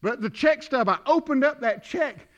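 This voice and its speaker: Man, sermon, folksy storyteller, high pitched, muffled lo-fi sound. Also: expressive, moderate pace. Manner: folksy storytelling, builds to shouting. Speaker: pastor.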